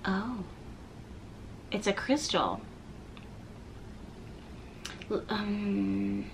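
A woman giving a tarot reading to her viewers, gently encouraging them and reading card texts aloud. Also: mid-range voice, a little hiss or hum. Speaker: tarot reader.

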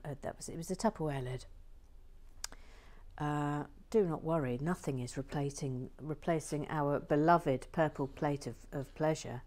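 A woman hosting a casual live stream as she builds, murmuring half-whispered asides to herself and brightening when she reads out to viewers. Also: low voice. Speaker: host.

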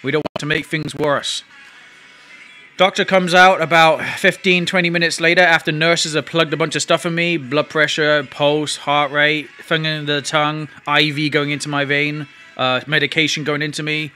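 Bright-voiced man retelling an ordeal. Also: a little high, flat delivery, normal speed, hardly any pauses, soft background music. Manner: rambling, emotional retelling with restarts. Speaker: vlogger. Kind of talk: casual storytelling to camera.

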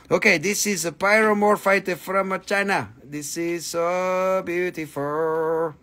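High-voiced joking man selling crystals live. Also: fairly even intonation, slow pace, hardly any pauses, pushed and bright. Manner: joking, playful, breaks into silly voices. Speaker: live-stream crystal seller. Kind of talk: casual live sales stream.

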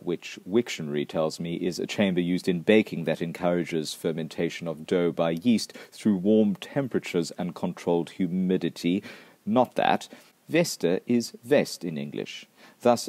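A man's voice: deep voice, mellow, dry recording. A man presenting a scripted comic lesson in a dry, wry, mock-pedantic manner.

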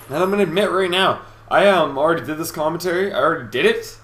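Talking fast with few breaks, this young man has a fairly high, fairly bright voice, and there's slight background noise. He's a gaming commentator whose loose, rambling talk over the game is cocky, boastful and laced with profanity, with lots of fillers and false starts.

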